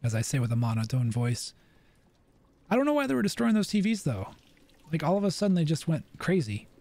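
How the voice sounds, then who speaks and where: A young man hosting a gaming channel, commenting aloud as he plays, shifting between flat calm remarks and alarmed bursts. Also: on the high side, a little fast. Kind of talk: let's play commentary.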